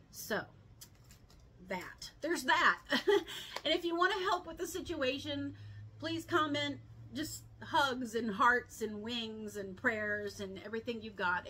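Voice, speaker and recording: A chatty woman, speaking in a bright, clear voice. She talks to her viewers in a loose, heartfelt vlog style, full of ums and little laughs, with a faint hiss of noise behind her. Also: medium pitch, low-quality recording. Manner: chatty, heartfelt, filler-heavy with frequent laughs. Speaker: pug breeder. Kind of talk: casual vlog update to viewers.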